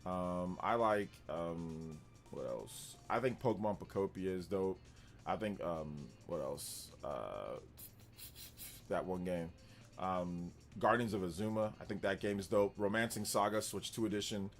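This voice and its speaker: A man's voice: low voice, measured pace, faint music behind. A man hosting a live gaming stream, chatting casually and rambling as he answers viewers, with frequent laughs. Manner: relaxed, rambling, answers chat and laughs often. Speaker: gaming livestream host.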